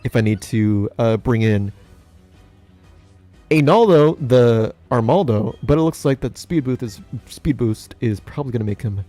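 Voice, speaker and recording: A young man giving jokey commentary over a video game playthrough, talking to his characters with big swings in pitch. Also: lively intonation, measured pace, dark tone, faint music behind. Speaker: gaming YouTuber.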